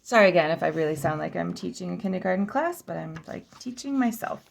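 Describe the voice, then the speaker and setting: Gravelly-voiced woman sounding out names. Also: lowish voice, animated. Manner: chatty, practicing name pronunciations slowly and repeatedly. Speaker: oracle deck reviewer. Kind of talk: casual flip-through vlog.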